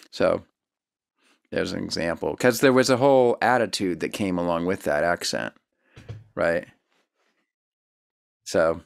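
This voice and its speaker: A man's voice: deep voice, unhurried, gravelly, pauses often. A man hosting an interview, conversational and affirming, asking open questions. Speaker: podcast host, interviewer. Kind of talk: casual interview.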